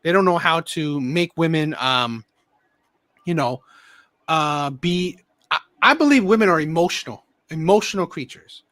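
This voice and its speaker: A man's voice: on the high side, lively intonation, a little slow, a bit bright, dry recording. A man hosting a call-in show, giving emphatic commentary and often repeating himself. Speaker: host.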